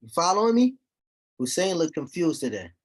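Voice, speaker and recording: A man teaching a recitation class, explaining terms slowly and checking on his students with repeated "okay?". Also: fairly high pitch, sing-song. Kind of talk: classroom lesson.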